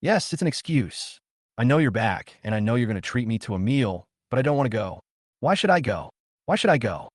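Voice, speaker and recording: A man's voice: mid-range voice, big pitch swings, brisk, no echo, studio quality. A man voicing a bitter, resentful young street vendor.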